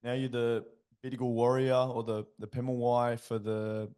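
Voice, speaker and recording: A man's voice: medium pitch, completely flat delivery, moderate pace, mellow, clear, resonant tone. A man hosting a podcast, asking hesitant, conversational questions. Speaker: podcast host. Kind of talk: interview questions.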